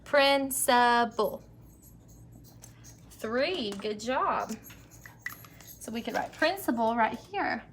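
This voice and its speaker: A young woman teacher leading an early-grade phonics lesson, stretching out words slowly and praising the children. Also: on the high side, animated, slight background noise. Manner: slow, drawn-out word modeling, encouraging.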